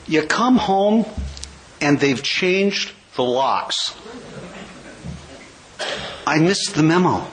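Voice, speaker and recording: A man's voice: on the high side, expressive, fairly bright tone, a little hiss or hum, low-quality recording. A man in his sixties from California, giving a wry, joke-filled recovery talk as a speaker at a large gathering. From California, USA. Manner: wry storyteller, quick jokes. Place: convention hall.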